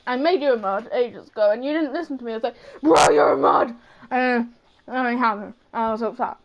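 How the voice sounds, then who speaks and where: A woman's voice: fairly high pitch, quick pace, muffled recording, a crowd in the background. A young woman streaming a game, chatting to viewers in a hyper, playful way with mock wailing. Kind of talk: hyper casual live-stream chat.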